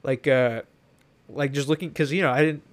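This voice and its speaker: A young man co-hosting a podcast in casual chat, joking with deadpan sarcasm. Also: medium pitch, normal speed. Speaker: podcast co-host.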